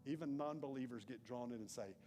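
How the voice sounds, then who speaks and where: A man preaching a conversational sermon in a church, dropping to hushed tones and rising to loud emphasis. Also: mid-range voice, fairly quick, over music. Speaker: pastor. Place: church sanctuary.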